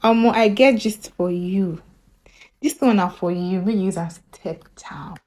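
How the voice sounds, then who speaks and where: A Nigerian woman voicing an anxious male taxi driver who talks softly and complains. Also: medium pitch, expressive, normal speed, lightly acted. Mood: grumbling.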